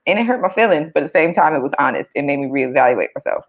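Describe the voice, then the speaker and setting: A woman in her thirties with a very low voice, co-hosting a casual conversation in a relaxed, reflective way that breaks into easy laughs. Her sound comes through dull and lo-fi. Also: very fast. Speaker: podcast co-host. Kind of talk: casual chat.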